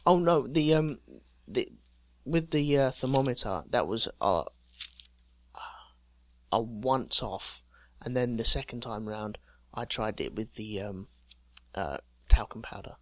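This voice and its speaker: A man's voice: medium pitch, lively intonation, takes it slowly, a bit bright, dry recording. A man co-hosting a podcast, casually chatting and reading out odd news stories with a joking, storytelling manner. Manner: jokey storyteller, reading out news items with chuckles. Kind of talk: casual chat.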